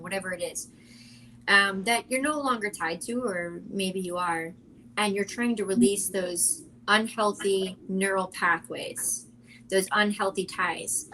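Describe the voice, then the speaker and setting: Woman chatting on a podcast panel, earnest and lively, keeps going off on little tangents, mid-pitched voice. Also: a little slow, slight background noise, rough recording. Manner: earnest, animated, wanders into asides. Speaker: podcast panelist who coaches clients. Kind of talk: casual round-table chat.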